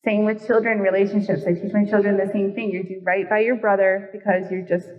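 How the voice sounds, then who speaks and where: A woman's voice: medium pitch, level tone, a little fast. Woman preaching, distant in a big hall. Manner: conversational, playful asides to the audience. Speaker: Bible teacher. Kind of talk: sermon. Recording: distant, dull, long hall reverb.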